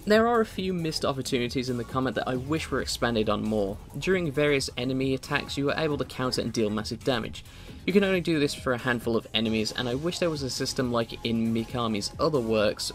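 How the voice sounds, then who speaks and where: A man's voice: mid-range voice, lively intonation, quick pace, faint music behind. A man reading a scripted video game review as a voice-over, with wry, opinionated asides.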